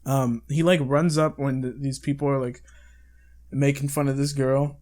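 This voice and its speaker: A man's voice: mid-range voice, flat delivery, measured pace, long pauses, darkish tone. A young man co-hosting a podcast, chatting casually and rambling with casual swearing and frequent laughs. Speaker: podcast co-host. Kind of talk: casual chat.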